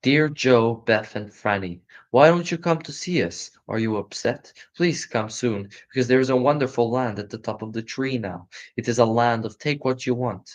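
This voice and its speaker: A man's voice: mid-range voice, moderate pace, few pauses, close to an everyday voice. A man voicing a friendly magical forest creature's letter in an inviting storybook manner. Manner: warm, inviting. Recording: muffled lo-fi recording.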